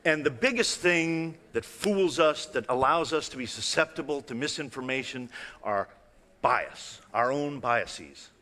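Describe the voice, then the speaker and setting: Male illusionist presenter, bright tone, chatty and playful with a live crowd, big reverberant hall. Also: mid-range voice, animated, measured pace. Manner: conversational, playful, asks the audience questions. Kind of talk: live stage talk with demonstrations. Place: large hall with live audience.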